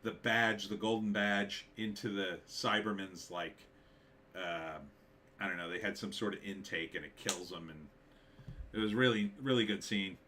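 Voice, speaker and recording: A man hosts a casual live stream, working through viewer comments and answering each with blunt, dismissive verdicts. His voice sits fairly low but has a bright, forceful edge. He talks loosely, with lots of "uh" and "um" between his points. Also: normal speed. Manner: blunt, dismissive, opinionated, many fillers. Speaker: live stream host reading chat.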